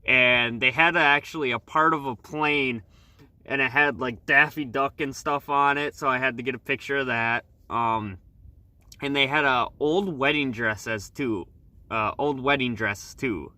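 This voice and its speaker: A man talking casually as a travel vlogger, relaxed and rambling with fillers, on a new microphone. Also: medium pitch, measured pace, dry recording. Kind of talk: casual vlog review.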